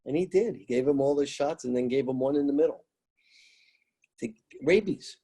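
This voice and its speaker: A man's voice: medium pitch, normal speed, warm tone, breathy edge. An American man telling music-business stories in an interview, emphatic and rambling, repeating his phrases. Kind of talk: animated storytelling interview.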